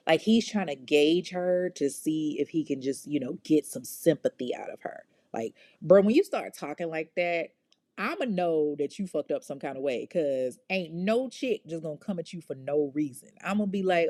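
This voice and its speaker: A woman's voice: low-pitched, moderate pace, dark tone, dry recording, clean studio sound. A woman hosting a podcast, telling a true crime story in a casual, slangy, profane way, talking straight to her listeners. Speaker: podcast host.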